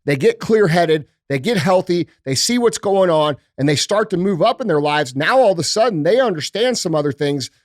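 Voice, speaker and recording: A man's voice: sits high, animated, normal speed, hardly any pauses, no echo, studio quality. A man hosting a casual podcast, talking bluntly and emphatically and swearing freely. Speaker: podcast host. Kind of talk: casual studio podcast chat.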